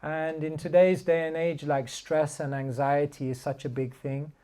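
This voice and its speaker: A man teaching a relaxed spiritual class in a mellow, warm voice. He talks in a chatty, storytelling way, laughing often and padding phrases with fillers. His pitch sits mid-range. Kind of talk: casual sermon with storytelling.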